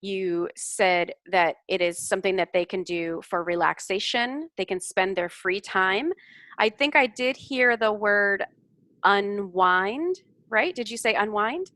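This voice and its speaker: A woman's voice: medium pitch, measured pace, a bit bright, no room sound. A woman giving patient, encouraging feedback as an English speaking tutor over a video call. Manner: encouraging, explains corrections patiently.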